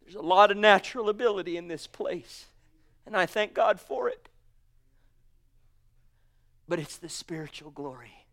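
A man preaching a sermon with fervor, swinging between booming exclamations and hushed murmurs, calling his listeners honey and sweetheart. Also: lively intonation, moderate pace, pauses often.

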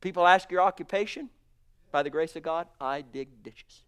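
A man delivers a fervent sermon at a moderate pace, his clean voice swinging from booming exclamations to hushed murmurs. He calls his listeners honey and sweetheart.

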